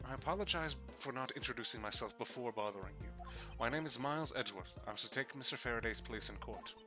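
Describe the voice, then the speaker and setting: A man's voice: mid-range voice, fast talker, over music, lightly acted. A man voicing a haughty, formal young male prosecutor while reading a video game aloud on a live stream. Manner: stiff, formal diction.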